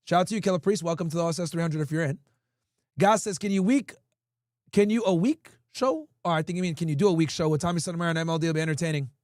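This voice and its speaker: A man's voice: a little high, fairly even intonation, very fast, a little mellow, dry recording, studio quality. A man hosting a livestream, chatting casually with his audience and reading their comments aloud in a blunt, profane way. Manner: blunt, profane, talks straight to chat. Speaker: livestream host.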